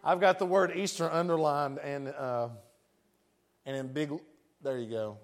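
A man's voice: on the high side, fairly even intonation, a little slow. A man with a West Tennessee accent preaching a sermon in a folksy, joking way, laughing often.

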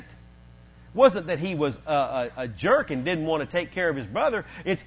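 A man preaching a sermon as pastor, animated and conversational with quick asides. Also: sits high, breathy edge, lo-fi sound.

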